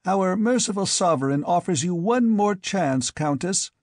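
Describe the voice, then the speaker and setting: Guy doing a cruel masked nobleman, higher pitched and commanding, dry recording. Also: expressive, measured pace, darkish tone, no room sound. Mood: cold. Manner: commanding, curt. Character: cruel masked male nobleman, haughty and impatient. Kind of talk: audiobook character voice.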